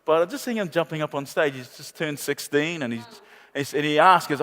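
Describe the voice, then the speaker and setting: A middle-aged pastor, preaching a sermon with passionate repetition and playful asides. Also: male voice, a little high, brisk, a bit bright, big-room sound. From New Zealand. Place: large church hall.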